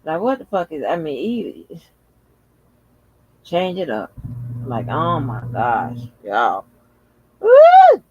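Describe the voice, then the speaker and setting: A man's voice: a little high, lively intonation, slow, pauses often, dull audio, background noise. A man hosting his own channel, talking casually and with lots of exclamations, chatting straight to his viewers and swearing freely. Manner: chatty, profane, exclamatory, addresses viewers as y'all. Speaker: channel host. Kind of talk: casual vlog commentary.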